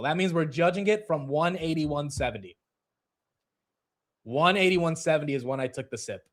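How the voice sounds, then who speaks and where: A man hosting a casual market livestream, excitable and joking, often jumping loud and quick. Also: a little high. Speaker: livestream host.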